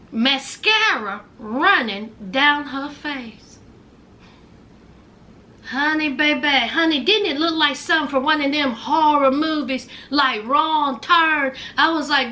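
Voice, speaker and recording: A woman with a Southern twang giving a sassy, animated recap of a reality TV show, calling her viewers honey and baby. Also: high-pitched. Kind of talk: casual recap commentary.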